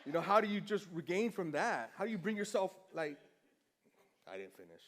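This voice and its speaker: Male pastor, slightly high-pitched, casual and self-deprecating storyteller. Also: very animated, a little fast, a bit bright. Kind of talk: conversational sermon storytelling.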